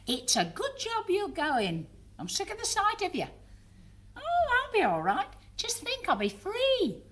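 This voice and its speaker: A woman performing a comic monologue as a grandmother bravely seeing her family off on a train, her voice climbing high as she insists she'll be fine. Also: huge pitch swings, unhurried, fairly bright tone, exaggerated voice. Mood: brave cheerful. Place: live theatre stage before an audience.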